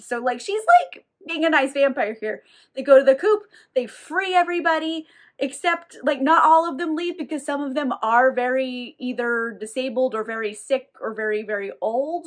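A woman giving a casual, sarcastic recap of a novel, with wry asides and some swearing. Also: sits high. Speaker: book reviewer.

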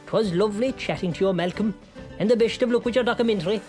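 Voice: medium pitch, fast talker, a little mellow, soft background music, natural voice. A performer voicing a boastful fisherman who rambles through tall tales. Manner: rambling yarn-spinning, bursts into song. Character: boastful Kerry fisherman, tall-tale teller.

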